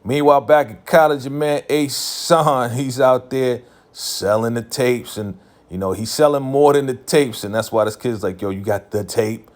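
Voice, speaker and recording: A man's voice: mid-range voice, normal speed. A man casually recapping a TV episode in a laid-back, slangy way, full of filler phrases.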